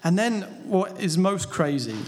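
A man's voice: high-pitched, very animated, a little slow, darkish tone. A man preaching a sermon, talking conversationally and asking his listeners rhetorical questions. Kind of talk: sermon on a Bible passage. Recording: long reverb of a large hall.

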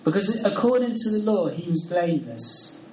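A man's voice: high-pitched, lively intonation, normal speed, slight background noise. A man preaching a sermon in an earnest, conversational way, asking the listeners questions. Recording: roomy sound from a distant mic.

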